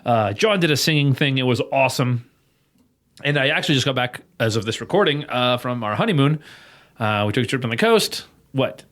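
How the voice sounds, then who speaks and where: A man's voice: medium pitch, animated, a little fast, a bit bright. Laughing, joking young male podcast host. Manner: laughs often, loose and joking. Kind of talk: casual comedy podcast chat.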